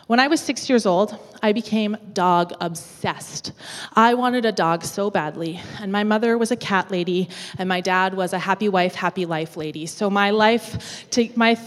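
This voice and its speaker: A woman from the west coast of Canada, preaching a sermon in a church with lively, humorous storytelling. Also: medium pitch, big-room sound. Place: church auditorium.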